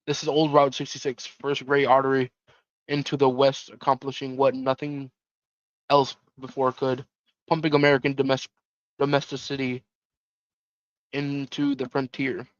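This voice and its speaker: A man's voice: medium pitch, flat delivery, normal speed, pauses often, no echo, lo-fi sound, natural voice. A man voicing a world-weary occult detective, dry and sardonic.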